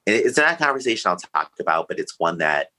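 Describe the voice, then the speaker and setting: Podcast guest, male, low pitch, forceful tone, candid and emotional storytelling. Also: very animated, fast talker, poor audio. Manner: emotional, earnest, open.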